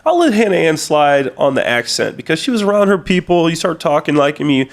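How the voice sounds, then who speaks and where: A man's voice: on the high side, big pitch swings, brisk. A man as a podcast guest in casual chat, easygoing and ribbing the others. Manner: easygoing, good-natured ribbing.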